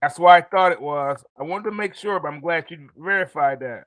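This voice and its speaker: An excitable male host runs a live interview show, laughing easily and talking straight to his viewers. His voice is bright and sits a little high. The sound is dry and close. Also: brisk, no echo, low-quality recording. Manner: animated, excitable, laughs often.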